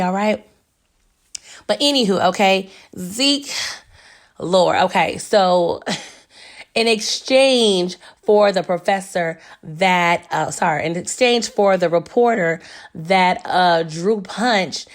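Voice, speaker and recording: A woman chats through a TV episode recap. Her voice sits at a middle pitch, and her delivery is animated and full of asides to viewers. She laughs easily as she goes. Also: a little slow. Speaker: TV recap vlogger. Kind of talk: casual chat recap.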